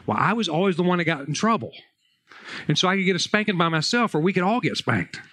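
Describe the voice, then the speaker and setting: Animated man preaching. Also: high-pitched, fast talker. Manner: conversational, animated storytelling with raised voice in anecdotes. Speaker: pastor. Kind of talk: sermon.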